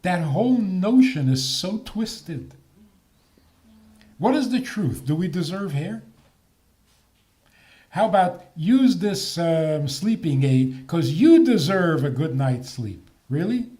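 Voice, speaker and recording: A man's voice: a little high, slow. An older man, a rabbi, giving a talk on faith with jokes and rhetorical questions. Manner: animated, joking, rhetorical questions.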